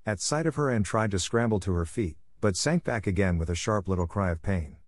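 Low-voiced man narrating a storybook. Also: brisk, dry recording, clean studio sound. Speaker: audiobook narrator. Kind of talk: scripted narration.

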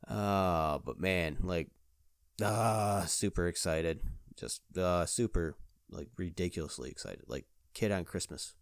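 Low-voiced excitable man chatting. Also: slow, no echo, studio quality. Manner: excitable, rambling, fills talk with "like". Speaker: podcast host. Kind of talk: casual solo chat.

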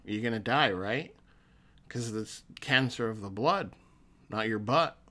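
Speaking unhurriedly in a fairly low voice with a sharp tone, this counselor delivers a solo podcast monologue. He encourages his listeners earnestly, frequently starting his sentences over.

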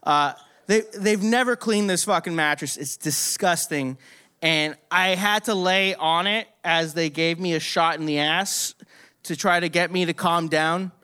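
A young man telling a story in a casual, profane, animated way, laughing often. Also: on the high side, unhurried, clean tone.

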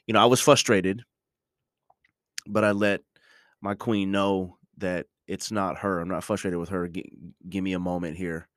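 Deep-voiced man musing haltingly. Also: fairly even intonation, no echo, studio quality. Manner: halting, many restarts and ums, reflective. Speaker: podcast host. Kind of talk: casual reflective monologue.

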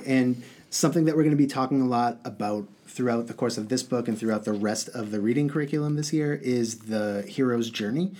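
A man reads a novel aloud to his class and then talks it over, casual and upbeat. His asides are playful, and he uses everyday fillers as he thinks out loud. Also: mid-range voice. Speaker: teacher. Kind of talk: reading aloud and book discussion.

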